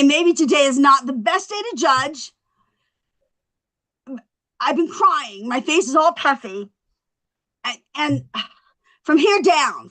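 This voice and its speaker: At a table read, an actress with a high, slightly bright voice plays a tipsy young woman doing rambling stand-up after her husband left her. The character is a little drunk and fills her set with quick, self-mocking asides.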